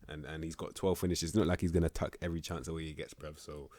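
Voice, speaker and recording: A young man talks through a football management game in a very low, deep voice, slangy and easygoing, now and then getting fired up. The sound is dry and close, with no room around it. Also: quick pace, no echo. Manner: slangy, laid-back, with bursts of excitement. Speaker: gaming YouTuber rating players. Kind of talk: casual game commentary.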